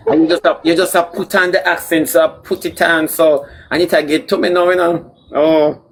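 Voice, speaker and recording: A man with a Jamaican accent in a camp, sharp-tongued live chat, drawing out words slowly for comic effect. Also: on the high side, little pitch movement. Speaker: livestream personality. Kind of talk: sassy comedic live chat.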